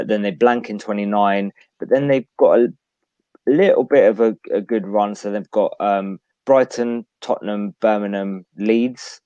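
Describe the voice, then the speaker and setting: A man's voice: lowish voice, darkish tone, no echo, poor audio. A man co-hosting a podcast in casual chat, reeling off statistics and laughing at his own slips. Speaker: podcast co-host. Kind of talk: casual chat about fantasy football.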